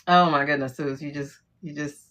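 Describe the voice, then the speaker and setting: Middle-aged lady on a tarot livestream, lowish voice, blunt and swears a lot. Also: brisk. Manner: blunt, animated, swears freely, laughs often. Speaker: livestream host doing tarot readings. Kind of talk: casual livestream chat.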